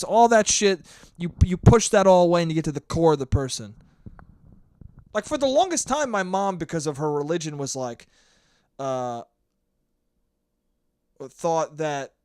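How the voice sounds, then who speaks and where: A young man hosts a casual solo podcast monologue while hungover, rambling, swearing, and being earnest, laughing along the way. His fairly high voice is smooth, and the recording is dry and close, with sirens outside.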